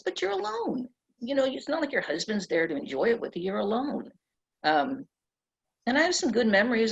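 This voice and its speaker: A middle-aged woman author being interviewed at a press club event, telling stories in an animated way and laughing often. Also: on the low side, vocal fry, breathy edge. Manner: animated, laughs often, acts out quoted voices. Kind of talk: conversational storytelling. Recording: dull lo-fi event recording.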